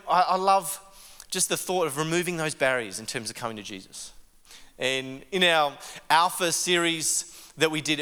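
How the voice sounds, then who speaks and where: Male pastor, high bright voice, earnest conversational sermon full of restarts, long hall reverb. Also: smooth. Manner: earnest, stumbles and repeats words. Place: church service.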